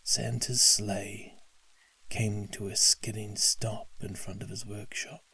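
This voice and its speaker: A man narrating a story at a slow, calm pace, sometimes dropping to a whisper. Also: lowish voice, vocal fry, slightly rough. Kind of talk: scripted story narration for sleep.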